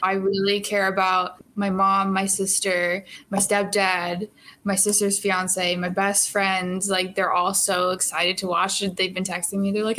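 A young actress as an interview guest, chatting casually with lots of fillers and frequent laughter. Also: female voice, mid-range voice, fairly even intonation, measured pace, fairly bright tone.

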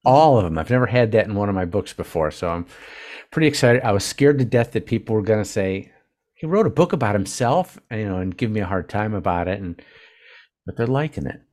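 An older man, an author guest in an interview, talking casually in a halting, earnest way with many restarts. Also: lowish voice, lively intonation, a little mellow.

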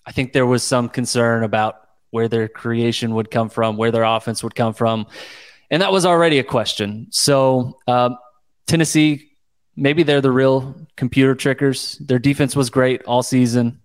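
Man, from Oklahoma, podcast co-host, relaxed sports analysis, easygoing, medium pitch. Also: normal speed. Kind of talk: casual sports podcast recap.

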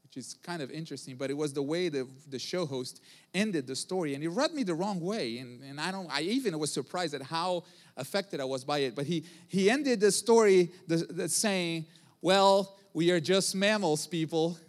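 A male pastor preaching a sermon, emphatic, repeating phrases and building to loud bursts. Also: fairly high pitch, expressive, moderate pace. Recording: long hall reverb.

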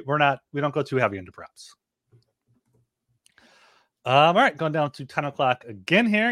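Male podcast co-host, casual betting chat, dry studio sound, relaxed delivery with fillers. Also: mid-range voice, no room sound. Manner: reads odds and lines, relaxed with fillers.

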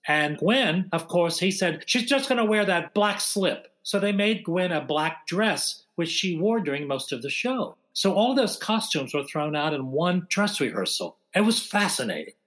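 An older man recounting backstage memories for an interviewer, animated and full of acted-out quotes. His voice sits a little higher than most men's. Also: moderate pace, hardly any pauses. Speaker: interview guest, former Broadway dancer. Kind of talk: anecdotal storytelling in conversation.

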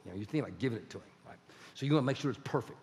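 Animated male pastor preaching in a hall. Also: mid-range voice, very fast. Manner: animated, conversational preaching with acted-out dialogues. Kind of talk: sermon. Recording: long church hall reverb.

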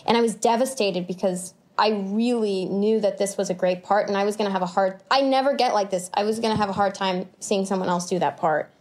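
A woman actor telling stories in an interview, animated, laughing often and acting out her own past thoughts. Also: medium pitch, fairly quick, hardly any pauses. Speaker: actor guest. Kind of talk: conversational interview storytelling.

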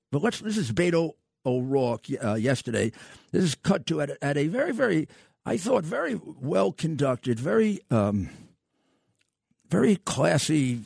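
A man's voice: fairly high pitch, gravelly, darkish tone, slightly rough, no room sound, clean studio sound. An older man hosting a talk radio show, speaking with emphatic, scornful repetition.

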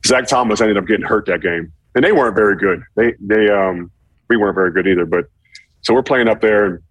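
A man casually telling a profane story, acting out shouted quotes with animated energy. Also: fairly low pitch, fairly quick, breathy edge, no room sound. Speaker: former football player telling a story.

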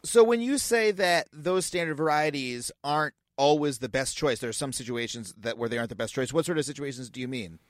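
A man's voice: mid-range voice, animated, a little fast, few pauses, no room sound, clean studio sound. A man from Long Island hosting a podcast, talking casually and loosely with many filler words. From Long Island, New York. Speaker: podcast host. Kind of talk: interview talk.

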